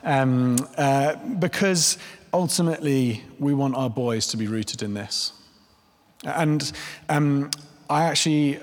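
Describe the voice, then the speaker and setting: Male pastor, earnest sermon, medium pitch, soft slowed emphasis, long hall reverb.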